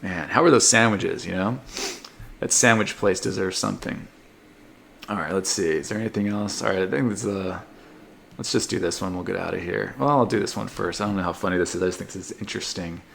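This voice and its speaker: A man's voice: sits low, fairly quick, creaky, a bit bright, a little hiss or hum. A man in his forties hosting a solo comedy podcast, riffing sarcastically and sounding tired. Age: 40s. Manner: sarcastic, riffs with mocking put-on voices.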